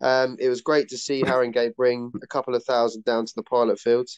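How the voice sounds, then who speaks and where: A man's voice: medium pitch, flat delivery, brisk, smooth, no room sound. Man, panelist, dry jokey delivery, muffled and dead-dry audio. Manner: dry, joking. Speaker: podcast panelist. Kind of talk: casual chat among friends.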